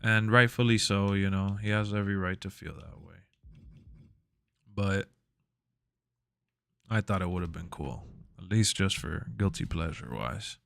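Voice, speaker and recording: A man streaming live, chatting casually in a relaxed, rambling, slangy way into a close mic. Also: deep voice, measured pace, gravelly, pauses often, no echo.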